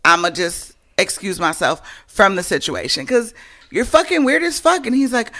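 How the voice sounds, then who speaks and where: A woman's voice: mid-range voice, normal speed, sharp tone. A woman co-hosting a podcast, bluntly and profanely retelling a dating story and acting out both sides of each exchange. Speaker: podcast co-host. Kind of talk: casual storytelling chat.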